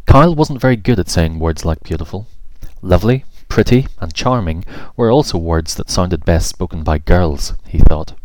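Deep-voiced man narrating a storybook. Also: animated, moderate pace, hardly any pauses.

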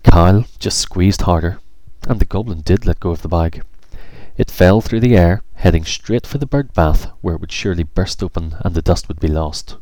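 A man's voice: sits low, normal speed, dark tone, no echo. A man reading a children's storybook aloud in a wry, playful way. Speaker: narrator.

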